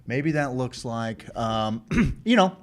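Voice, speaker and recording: Casual male host, mid voice, lively swings, swears freely, chatty sponsor reads. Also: medium pitch, takes it slowly. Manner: loose, swearing, filler-heavy, reads sponsor spots. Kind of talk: casual talk show hosting.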